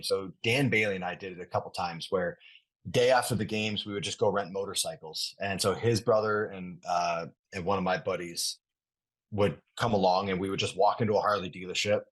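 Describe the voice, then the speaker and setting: A man's voice: on the low side, slightly rough. A man, a former athlete casually telling a story in an interview, rambling and swearing freely. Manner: rambling, relaxed, casual swearing, many restarts. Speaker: interview guest, retired athlete.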